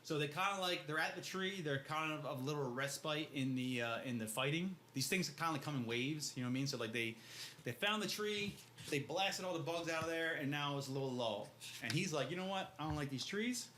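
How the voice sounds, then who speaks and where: A man's voice: on the high side, fairly quick, bright, forceful tone, slight background noise. A man co-hosting a podcast, casually retelling a book's scenes in loose, slangy talk and acting out the characters' lines. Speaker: podcast co-host. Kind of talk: casual book discussion.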